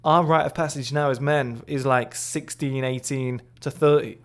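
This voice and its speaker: Man, late twenties, motivational monologue, blunt, swears a lot, boastful, mid-pitched. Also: steady tone, moderate pace. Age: 20s. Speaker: men's lifestyle creator.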